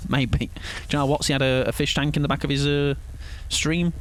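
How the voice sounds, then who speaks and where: A man's voice: fairly high pitch, fairly even intonation, normal speed, slight background noise. A man chatting casually with viewers while streaming a game, playful and rambling, chuckling often. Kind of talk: casual live-stream chat while gaming.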